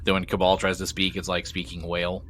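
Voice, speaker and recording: A man's voice: sits low, completely flat delivery, fairly bright tone, slight background noise. A man running a tabletop game as game master, narrating in a laid-back way. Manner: slow, laid-back, laughs easily.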